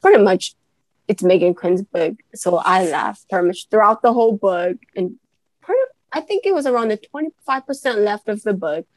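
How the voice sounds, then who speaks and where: A woman co-hosting a casual book podcast, gushing and giggly as she talks through a read. Her voice is mid-pitched and recorded close and dry. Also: normal speed, no echo. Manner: gushing, giggly, animated reviewer. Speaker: podcast co-host.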